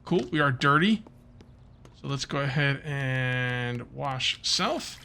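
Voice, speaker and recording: A man's voice: medium pitch, animated, slow pace, pushed and bright, slight background noise. A man from Central New Jersey with a New Jersey accent, chatting casually as he plays a game, thinking aloud with restarts and fillers. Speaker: gaming channel host. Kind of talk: casual let's-play commentary.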